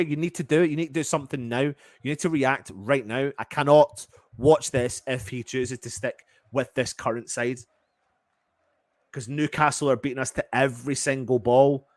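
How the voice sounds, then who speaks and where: Man, fan commentator, live reaction, exasperated and profane, mid-pitched voice, dry close mic. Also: steady tone, moderate pace, no echo. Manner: exasperated, swearing, shifts from muttering to shouting. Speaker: fan channel match commentator.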